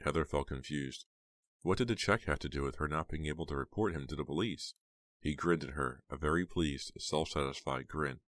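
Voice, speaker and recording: Audiobook narrator, man, extremely low bass voice, dry close recording. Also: steady tone, brisk, fairly bright tone, no room sound. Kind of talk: scripted horror audiobook narration.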